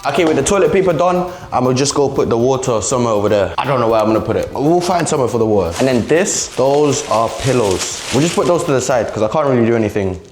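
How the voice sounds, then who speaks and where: A man's voice: mid-range voice, animated, fast, hardly any pauses, a little mellow, soft background music. Chatty young man in an echoey empty room. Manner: joking, chatty, groans while lifting. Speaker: vlogger. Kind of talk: casual vlog talk to camera. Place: indoors in an empty apartment room.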